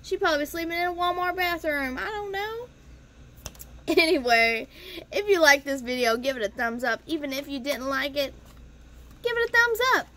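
A woman's voice: high voice, normal speed, a bit bright. A young woman telling a casual, profane storytime vlog, chatty and talking straight to her viewers. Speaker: storytime vlogger.

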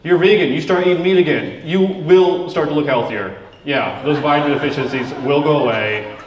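Male stand-up comedian, deadpan with loud bursts, roomy echoing club, audience laughter. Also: fairly high pitch, moderate pace. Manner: deadpan jokes with sudden loud outbursts. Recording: roomy club sound from a distance, crowd laughing.

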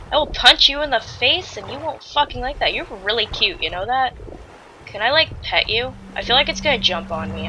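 A woman's voice: fairly high pitch, background noise. A woman doing let's play commentary on a survival game, frantic and swearing, yelping and shrieking. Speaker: gamer playing a survival game.

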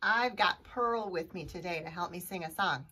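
A woman reading a picture book aloud for a children's storytime, gentle and sing-song. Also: lowish voice, normal speed, slightly rough, recorded from a distance.

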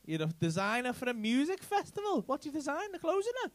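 An Englishman working the crowd in a comedy club speaks quickly in a very high-pitched voice whose pitch swoops wildly. Into a handheld stage mic, he teases audience members with cheeky, sweary banter during live stand-up.

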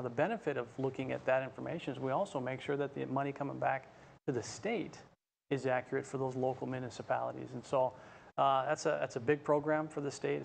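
A man, a state official being interviewed on a talk show, answering in a measured, hesitant way with many fillers. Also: medium pitch, vocal fry, a little hiss or hum. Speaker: state auditor, guest.

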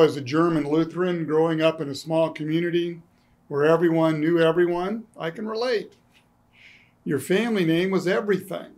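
A male pastor giving a conversational sermon, mixing scripture with dry, self-deprecating humor. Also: fairly high pitch. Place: church sanctuary.

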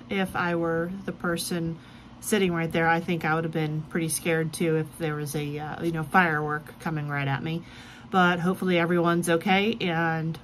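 A woman's voice: on the low side, a little hiss or hum, rough recording. A woman hosting a casual reaction video, chatty and joking, giggling often. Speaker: video host.

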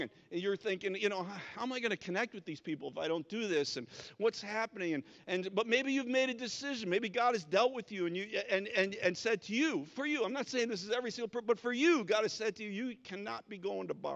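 High-voiced man preaching in a hall. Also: fairly bright tone, lo-fi sound. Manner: conversational preaching with many restarts and repeated words. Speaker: pastor. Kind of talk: sermon. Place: church sanctuary.

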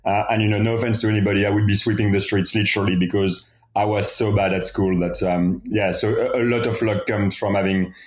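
A man's voice: fairly low pitch, fairly even intonation, a little fast, few pauses. Cheerful French-accented man, echoey room. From France. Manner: cheerful, chatty storyteller. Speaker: guest entrepreneur. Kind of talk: casual podcast interview.

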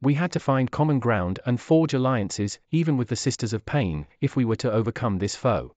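A man voicing a stern orc war chief who speaks low and measured. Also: expressive, darkish tone, no echo, natural voice.

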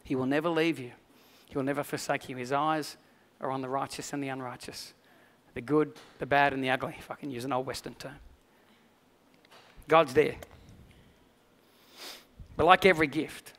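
An Australian man preaching a sermon, telling a personal story with animated energy and then turning quiet and earnest for the message. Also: medium pitch, normal speed, long pauses, big-room sound. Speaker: pastor.

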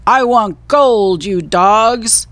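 A woman voicing a big, mean male pirate captain who growls slowly and menacingly in a storybook reading. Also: mid-range voice, a bit bright, dry recording. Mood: gruff menace.

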